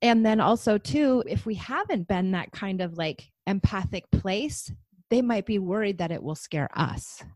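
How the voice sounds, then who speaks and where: A woman in her forties chatting casually about parenting, animated and acting out what others say. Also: a little slow, no echo. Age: 40s. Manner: animated, acts out quotes with big pitch swings. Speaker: podcast co-host.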